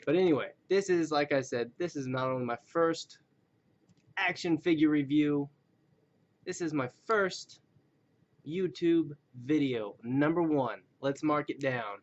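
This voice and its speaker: A man's voice: a little high, unhurried. Rambling man on a lo-fi webcam. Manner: rambling and self-deprecating, slipping into joke voices. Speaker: action figure collector reviewing toys. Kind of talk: casual rambling webcam vlog. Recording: dull lo-fi recording.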